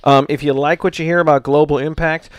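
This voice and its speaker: A man's voice: fairly high pitch, steady tone, a little fast, clear, resonant tone, no room sound. A man co-hosting a casual podcast, upbeat and affirming as he talks through donations and plugs the show. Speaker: podcast co-host.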